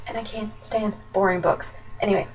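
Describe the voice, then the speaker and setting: A woman's voice: medium pitch, fairly even intonation, a little fast, soft background music. A young woman from Nebraska chatting casually as a book vlogger, talking in a chatty, ranting way with lots of fillers. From Nebraska, USA. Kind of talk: casual chat. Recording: distant dull webcam audio with faint noise.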